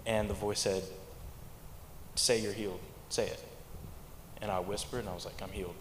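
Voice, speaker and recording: A young man giving a church testimony in a halting way, often repeating words, mostly speaking quietly. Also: lowish voice, steady tone, background noise. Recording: echoey hall, faint ambience.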